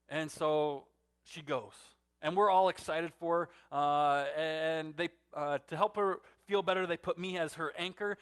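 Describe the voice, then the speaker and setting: Guy pastor in his 30s preaching, kinda high voice, gets loud then drops real quiet. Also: normal speed, clean tone. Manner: storytelling, swings from loud emphatic to hushed and soft. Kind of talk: sermon.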